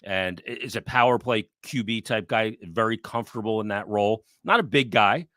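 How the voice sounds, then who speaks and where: A man co-hosting a podcast, talking sports in a blunt, profane, animated way. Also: fairly low pitch, moderate pace, no room sound, clean studio sound. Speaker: podcast co-host. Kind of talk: casual sports talk.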